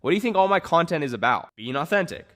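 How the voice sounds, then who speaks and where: A man coaching service businesses on social media in a casual talking-head video, energetic and emphatic, with many "like" fillers. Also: on the high side, fast talker. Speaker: marketing coach.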